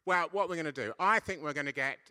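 Chatty preacher guy, middle-aged, really bright voice, playful with the crowd in church. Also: a little high, fast talker. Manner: chatty, playful, asks the congregation questions. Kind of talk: lively church sermon. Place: church service.

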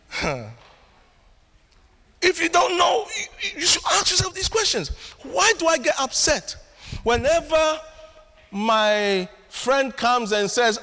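A man preaching a sermon as pastor, animated and storytelling with acted asides. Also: extremely high pitch, unhurried. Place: church hall. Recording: long hall reverb.

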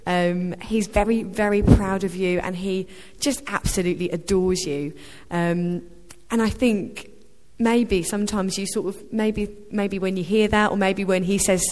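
A woman speaking to a church congregation, sharing what she feels in an informal, hesitant way with many ums. Her voice sits at an average pitch. A long hall reverb surrounds her voice. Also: fairly even intonation, moderate pace, a little mellow. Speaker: church member sharing a prophetic word. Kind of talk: informal testimony.

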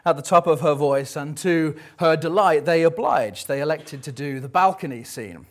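A man in his thirties delivering a church sermon with a slightly high voice. He talks in a relaxed, conversational way, slipping in jokes and frequent ums between points. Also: moderate pace. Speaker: preacher. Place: church service.

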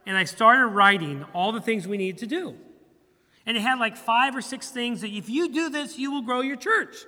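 A middle-aged man, a pastor, preaching a sermon in a church in an animated, humorous way, acting out bits of dialogue. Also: very high-pitched, normal speed, long reverb tail. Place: church sanctuary.

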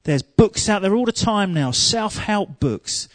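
A man preaching a sermon, telling humorous stories and growing loud and emphatic. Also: high-pitched, expressive, a little slow, no room sound.

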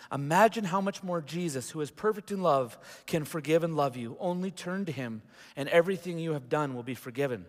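Male pastor, slightly high voice, reads a story from the pulpit, church-hall echo. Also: a little fast. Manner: reads aloud with asides to the congregation. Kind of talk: sermon, reading a story aloud. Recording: long reverb of a large hall.

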